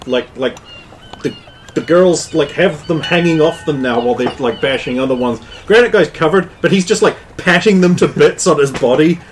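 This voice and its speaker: A man's voice: on the high side, slight background noise, poor audio. A man running a tabletop game as game master, narrating loosely with many fillers.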